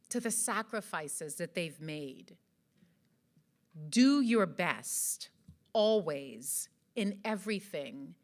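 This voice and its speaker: An animated woman from Jamaica speaks slowly and earnestly to an audience at an event. Her bright, fairly high voice rises and falls, and she asks many rhetorical questions. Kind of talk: motivational speech to an audience. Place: event hall.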